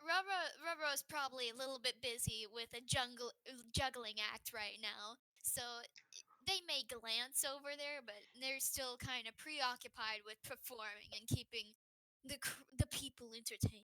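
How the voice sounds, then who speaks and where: A woman playing a tabletop game, speaking quietly and in a rush. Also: high-pitched, normal speed, dry recording. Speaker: player. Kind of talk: casual tabletop role-play.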